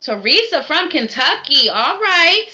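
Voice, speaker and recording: A woman's voice: high-pitched, big pitch swings, a little slow, sharp tone, muffled recording. A woman hosting a live psychic reading stream, talking in an upbeat, encouraging, chatty way. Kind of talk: casual live-stream chat.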